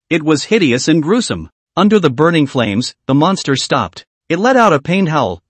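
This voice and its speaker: A man's voice: fairly high pitch, no room sound. A man narrating a comic story recap with dramatic storytelling.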